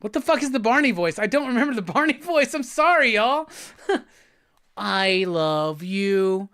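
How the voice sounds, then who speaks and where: A man's voice: very high-pitched, lively intonation, fairly quick, sharp tone, no room sound. A man hosting a live stream, chatting casually, joking, swearing and reading viewer comments aloud. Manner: loose and joking, swears, laughs, reads chat aloud.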